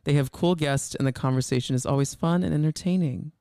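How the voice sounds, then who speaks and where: Man, podcast co-host, casual chat, clear smooth voice, dry studio sound, lots of fillers. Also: on the high side, fast, mellow, no room sound. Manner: chatty, laughs often, many "like" fillers.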